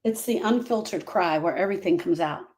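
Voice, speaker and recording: A woman's voice: on the low side, fairly quick, a little mellow. A woman grief coach talking casually to viewers on a live stream, earnest and repeating herself as she drifts off topic.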